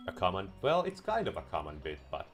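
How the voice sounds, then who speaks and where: A man's voice: low voice, wildly swooping pitch, fast talker, soft background music. A man giving casual let's-play commentary, joking sarcastically and swearing freely. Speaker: gameplay commentator.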